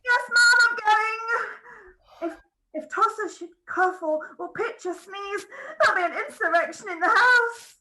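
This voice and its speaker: A woman's voice: very high-pitched, measured pace, bright, forceful tone, full character voice, poor audio. A woman reading the part of a flustered young housemaid who fusses in a breathless way. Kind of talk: script read-through.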